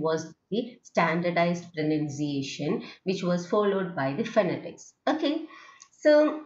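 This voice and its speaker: A woman's voice: on the low side, pushed and bright. A woman teaching English phonetics in a recorded lecture, talking in a hesitant way with many fillers and restarts and checking in with "okay?". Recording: dull, lo-fi, roomy recording.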